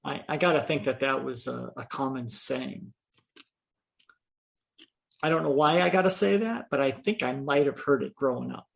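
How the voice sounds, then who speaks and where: A man's voice: mid-range voice, moderate pace, creaky, long pauses. A man co-hosting a podcast in casual chat, easygoing and hesitant, with lots of fillers. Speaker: podcast co-host.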